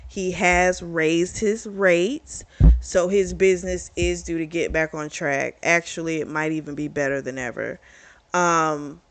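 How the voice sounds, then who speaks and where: A woman's voice: fairly low pitch, steady tone, measured pace. A woman casually recapping a romance novel's plot as a book reviewer, chatty and candid, with free swearing.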